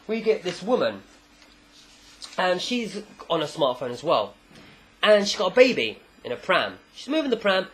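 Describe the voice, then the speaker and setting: Man, casual manga recap, fairly high voice, lively, does character bits. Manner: animated, acts out characters. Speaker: manga reviewer.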